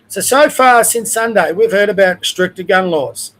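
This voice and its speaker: Older aussie bloke ranting on his livestream, higher voice, blunt and chatty. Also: normal speed, a bit bright, rough recording. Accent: Australian. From Australia. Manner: blunt, conversational, opinionated. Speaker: livestream host. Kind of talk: opinion rant livestream.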